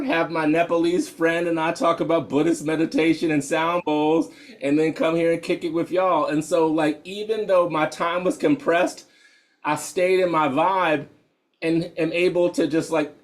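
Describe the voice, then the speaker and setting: A man's voice: a little high, fairly even intonation, moderate pace. A man, a meditation teacher, talking in a loose, slangy way with frequent laughs before guiding a meditation. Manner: laid-back, slangy, laughs often. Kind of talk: casual talk then guided meditation.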